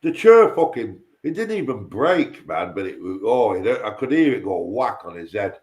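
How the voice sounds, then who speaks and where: A man's voice: on the low side, very animated, normal speed. A man telling a rambling, sweary story on a casual livestream chat, repeating himself and tripping over his words.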